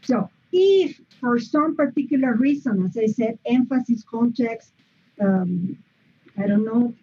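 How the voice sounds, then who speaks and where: A woman leads an online English grammar lesson, walking through each point patiently and checking in with "okay" and "mm-hmm". Her voice sits a little high but sounds husky and mellow, and she speaks slowly. The stream audio is muffled and lo-fi. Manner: patient, explains step by step with frequent "mm-hmm" and "okay". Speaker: English teacher.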